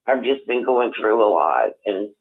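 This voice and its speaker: An older man calling in on the phone, talking in a rambling, halting way with many restarts. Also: on the low side, very animated, a crowd in the background. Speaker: caller. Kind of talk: casual phone chat. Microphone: telephone. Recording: tinny phone line.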